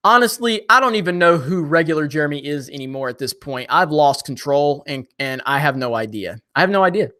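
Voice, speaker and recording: A young man hosting a casual live stream, reading viewer comments and joking with chat in an animated way. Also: a little high, brisk, hardly any pauses.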